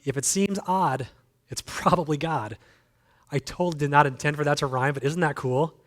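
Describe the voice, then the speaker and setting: A man preaches a sermon in a relaxed, conversational way, repeating key phrases for emphasis. His voice sits a little higher than most men's, and he mixes in self-deprecating jokes. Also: normal speed. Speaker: guest speaker.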